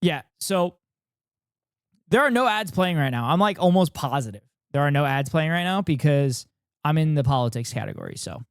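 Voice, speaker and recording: A streamer man talking to his chat in a loose, rambling, self-deprecating way. His voice is slightly high and crisp, and it sits dry and close to the mic. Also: very animated, normal speed, no room sound. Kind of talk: casual live-stream chat.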